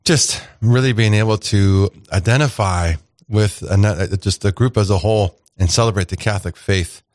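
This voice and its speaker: A man hosts a radio talk show in a lowish voice. He talks in a loose, rambling way, full of fillers and restarts. The studio sound is dry and close, with no room echo. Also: moderate pace, darkish tone. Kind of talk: casual radio chat.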